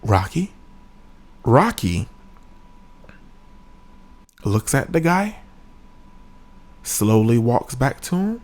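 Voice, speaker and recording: A man telling a comic story from his own life, with sudden high-pitched exclamations. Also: sing-song, slow, pauses often, a little mellow. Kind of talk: comedic story time. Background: faint music.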